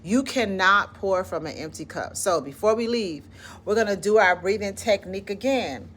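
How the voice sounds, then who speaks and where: A woman's voice: mid-range voice, expressive, normal speed, fairly bright tone, husky. Encouraging Southern woman guiding breathing. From Southern United States. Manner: encouraging, conversational, drops in "listen" and "like". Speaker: founder of an educators' wellness club. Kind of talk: casual self-care talk with guided breathing.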